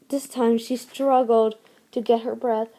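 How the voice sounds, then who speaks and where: Woman, storybook reading, stumbling, repeats words, high voice, slow. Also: mellow. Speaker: channel host reading a book aloud.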